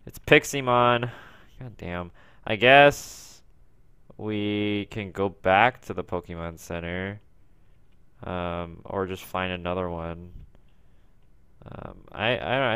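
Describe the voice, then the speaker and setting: A man's voice: low voice, slow pace, fairly bright tone, smooth, no echo. Young man rambling over a game. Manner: rambling, frequent swearing at lag and jumpy outbursts. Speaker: gaming video creator. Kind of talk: casual let's play commentary.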